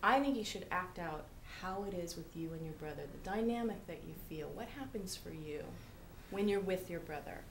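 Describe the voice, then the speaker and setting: A woman's voice: fairly low pitch, a little fast, echoey room, a little hiss or hum. A woman playing a group therapist in a comedy sketch, soothing and encouraging.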